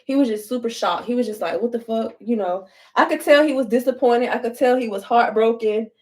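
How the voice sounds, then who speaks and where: A woman's voice: fairly high pitch, a little fast, a little mellow. A young woman telling stories to viewers in a casual get-ready-with-me vlog, blunt and full of profanity. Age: young adult. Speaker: vlogger.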